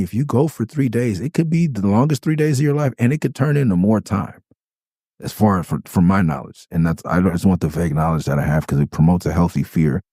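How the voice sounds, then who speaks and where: Low, dark-voiced man telling stories. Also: husky, no room sound, studio quality. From Los Angeles. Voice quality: calls his own voice high pitched. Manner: rambling, laughs, breaks into funny character voices. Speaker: rapper breaking down his own song. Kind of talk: casual storytelling commentary.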